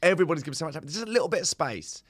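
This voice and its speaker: A man's voice: on the high side, lively intonation, rapid-fire, a bit bright, dry recording, clean studio sound. A young adult man, co-hosting a casual podcast chat, rambling through ideas with restarts. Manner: rambling, restarts, mock film-critic musings. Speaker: podcast co-host.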